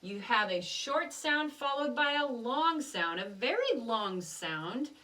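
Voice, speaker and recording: A woman's voice: a little high, very animated, takes it slowly, pushed and bright, recorded from a distance. A woman teaching a children's music lesson, patiently explaining rhythms step by step and chanting rhythm syllables.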